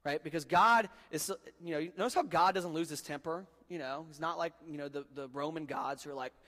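A male pastor gives a sermon in a loose, joking, conversational way and addresses the crowd as guys. His voice is a little high for a man. The sound carries the long reverb of a large hall. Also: brisk, bright, forceful tone. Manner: casual and joking, talks to the crowd as guys, bro and dude.

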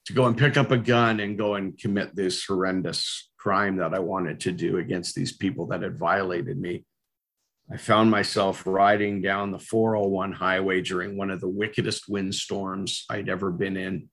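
A man's voice: deep voice, level tone, normal speed, fairly bright tone. A middle-aged man telling his personal testimony earnestly and candidly, with frequent fillers. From Canada.

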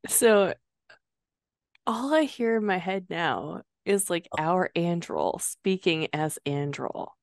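A woman from the US Midwest, co-hosting a casual book podcast, playful and quick to drift off topic. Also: fairly low pitch, expressive, creaky, no room sound, studio quality. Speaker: podcast co-host reading a book aloud. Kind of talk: casual book-club chat and reading aloud.

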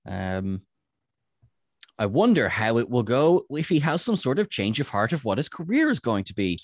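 A man's voice: mid-range voice, big pitch swings, normal speed. A man co-hosting a podcast, chatting with a dry, wry sense of humor. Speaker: podcast co-host. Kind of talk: casual chat.

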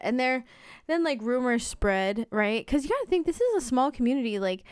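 A woman co-hosts a podcast and fills in the details of a story in relaxed chat, often saying "like". Her voice is clear and smooth. The recording is dry and close, with no room sound. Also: high-pitched, normal speed, no room sound. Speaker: podcast co-host. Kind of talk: casual chat retelling a story.

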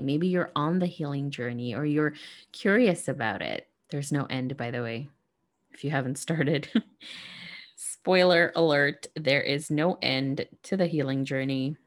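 A woman hosting a reflective spiritual monologue, speaking gently and earnestly to her listeners. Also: sits low. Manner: gentle, soft-spoken, earnest.

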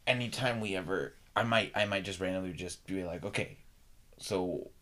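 A man's voice: deep voice, a little fast, bright, forceful tone. A man co-hosting a podcast, chatting casually about a tabletop game, rambling with many restarts and filler words. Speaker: podcast co-host. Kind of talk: casual chat.

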